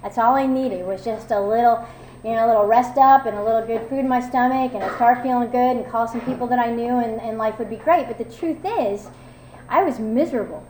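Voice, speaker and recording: A woman with a twang speaks her personal testimony with a slightly high voice. She is frank and wry, full of fillers and restarts. The room around her is echoey, with faint ambience underneath. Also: brisk, a little mellow, slight background noise. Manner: candid, self-mocking, conversational with many fillers. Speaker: recovery meeting speaker.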